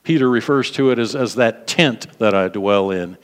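A man preaching a sermon to a congregation, animated, repeating words for emphasis and prompting them to respond. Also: on the low side, normal speed, smooth. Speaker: pastor. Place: large hall. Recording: long reverb of a large hall.

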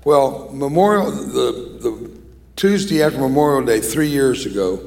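A man preaching as a guest speaker in a church, joking and emotional, poking fun at himself between warm words to the congregation. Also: mid-range voice, lively intonation, measured pace, vocal fry. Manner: joking, emotional, self-deprecating. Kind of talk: sermon. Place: church sanctuary.

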